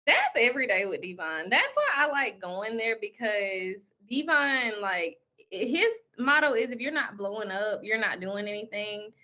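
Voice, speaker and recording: A woman's voice: mid-range voice, sing-song, moderate pace, bright, forceful tone, dull audio. A young woman answering interview questions in a chatty way, full of "like" and "um". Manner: chatty, lots of "like" and "um", laughs easily. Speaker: guest, pro wrestler.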